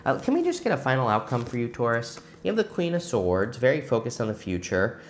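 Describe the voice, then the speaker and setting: A man's voice: mid-range voice, big pitch swings, fairly quick, background noise. A man reading tarot cards for his viewers in a musing, conversational way. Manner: conversational, musing, many "I feel" asides. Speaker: tarot reader.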